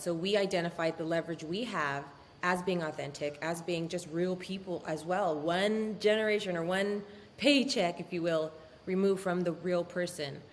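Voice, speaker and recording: A woman speaking as a guest in a casual interview, animated and candid, swearing freely. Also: fairly low pitch, big-room sound, a little hiss or hum. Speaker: law firm owner, podcast guest.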